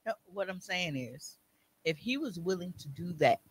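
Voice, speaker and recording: A man co-hosting a comedy podcast, telling gross stories and reading posts aloud with animated, crude gusto. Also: high voice, normal speed, slightly rough, low-quality recording. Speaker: podcast co-host.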